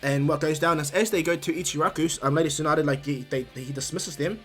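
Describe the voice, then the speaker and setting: A man's voice: fairly high pitch, fast talker, faint music behind. A young man casually retelling a fan story, rambling with lots of fillers. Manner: rambling, filler-heavy, animated.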